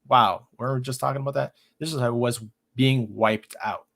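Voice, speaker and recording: A man's voice: mid-range voice, normal speed, creaky, a bit bright. A man hosting a casual talk, rambling and repeating words as he chats to viewers and reads aloud. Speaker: streamer host. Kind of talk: casual chat and reading aloud.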